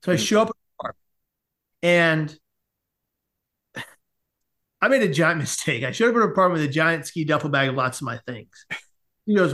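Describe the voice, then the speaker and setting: A man's voice: on the high side, expressive, fairly quick, long pauses, bright, forceful tone. A man, a podcast guest, telling a long comic story in casual conversation and acting out the quotes as he goes.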